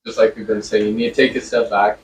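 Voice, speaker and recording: A man in a class discussion, speaking in a measured way with some hesitations. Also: fairly low pitch, level tone, echoey room, distant mic, a little hiss or hum, rough recording.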